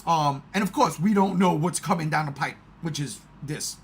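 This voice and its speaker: A man chatting casually in a movie review, excitable and swearing often. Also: on the high side, moderate pace, breathy edge. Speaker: podcast host.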